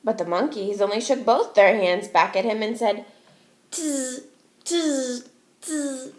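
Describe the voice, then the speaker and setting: Expressive woman teacher reading aloud. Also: mid-range voice, a little hiss or hum. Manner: expressive, slow, asks listeners questions. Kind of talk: reading a storybook aloud to young children. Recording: echoey room.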